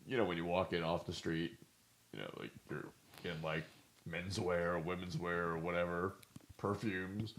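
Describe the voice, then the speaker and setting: A man's voice: low-pitched, steady tone, moderate pace, fairly bright tone, a little hiss or hum. A talkative man telling funny stories in casual chat, joking and laughing as he goes. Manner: talkative, jokey, laughs at his own stories. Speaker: co-host.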